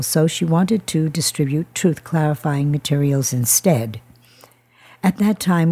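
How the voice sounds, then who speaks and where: Low, mellow-voiced woman reading a testimony. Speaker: narrator reading a personal testimony. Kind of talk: scripted first-person narration.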